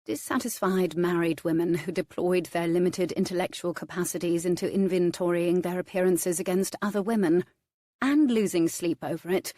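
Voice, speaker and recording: A woman narrating a historical romance in a measured, lightly wry manner on a close studio mic. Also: on the low side, warm tone, dry recording. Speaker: audiobook narrator.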